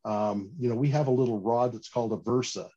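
A man's voice: medium pitch, a little fast, slightly rough. Chatty storytelling man, slightly dull audio. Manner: animated storyteller, frequent restarts and "you know". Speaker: fishing gear company guest. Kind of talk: casual podcast interview storytelling.

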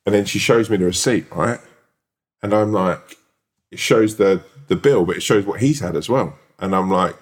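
A young man telling an anecdote in casual podcast chat, animated and sweary, acting out the people he quotes. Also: fairly low pitch, moderate pace. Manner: animated storyteller, swears, acts out quoted voices. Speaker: podcast co-host.

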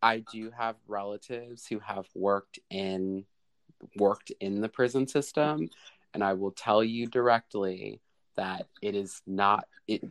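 Animated man debating on a panel. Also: takes it slowly. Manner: lively, restarts often, rising to high exclamations.

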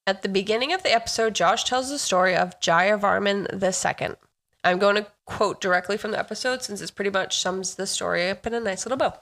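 Chatty woman cohosting a podcast, mid pitch, just talking with a friend at home. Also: a little fast, a bit bright. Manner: chatty, enthusiastic, reads notes aloud. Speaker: podcast co-host. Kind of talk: casual chat.

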